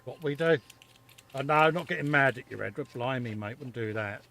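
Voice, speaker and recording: A man's voice: medium pitch, fairly quick, creaky, sharp tone. A middle-aged man co-hosting a live stream, bantering dryly and reading out chat messages. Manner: dry joking, reads chat aloud. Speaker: co-host of a live hobby stream. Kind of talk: casual banter.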